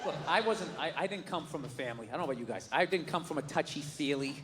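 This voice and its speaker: A man doing a stand-up routine, ranting and swearing, often shouting. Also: on the high side, lively intonation, fast, hardly any pauses. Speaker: stand-up comedian. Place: large hall with a live audience. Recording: hall reverb, audience laughter and noise.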